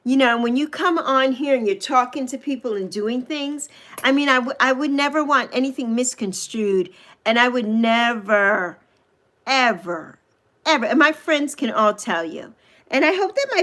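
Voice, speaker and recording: A woman in her sixties hosting a casual livestream, chatting with viewers and gushing over them with drawn-out coos. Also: on the high side, expressive, fairly bright tone. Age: 60s. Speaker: livestream host. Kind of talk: casual livestream chat reading viewer comments.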